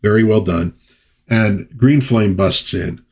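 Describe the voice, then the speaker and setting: A man's voice: on the low side, slow, a little mellow. A man hosting a comic book review show who narrates the story casually, reads panel dialogue aloud and breaks off for chatty asides. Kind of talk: casual commentary.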